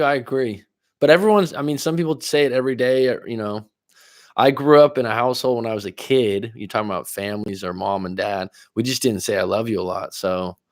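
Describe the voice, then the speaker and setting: A man's voice: lowish voice, no echo, studio quality. A man coaching on relationships during a livestream, chatting casually, reading viewer comments and telling personal stories with frequent laughs.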